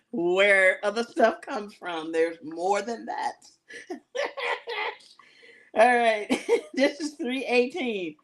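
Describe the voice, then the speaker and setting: A woman's voice: mid-range voice, very slow, long pauses. A woman hosting a live jewelry sale show, chatting casually and giggling as she talks to her viewers. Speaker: live shopping show host selling jewelry. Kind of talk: casual live-stream sales chat.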